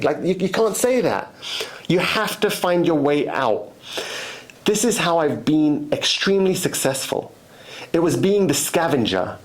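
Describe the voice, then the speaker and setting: A man's voice: on the high side, lively intonation, a little fast. A man giving a motivational monologue as host, emphatic and repetitive, often restarting his sentences.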